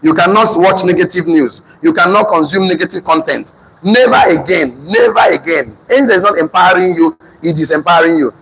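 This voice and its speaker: A man's voice: fairly high pitch, fairly quick, fairly bright tone, slight background noise, rough recording. A man with a Nigerian accent giving a motivational class lecture, emphatic and repetitive, drilling his audience in call-and-response. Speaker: motivational teacher.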